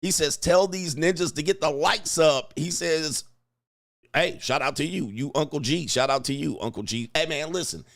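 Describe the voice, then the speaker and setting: This middle-aged livestream host speaks at a normal speed in a highish voice with some vocal fry. Between bursts of laughter and plenty of slang, he spins a story and reads the chat aloud in a lively, casual way.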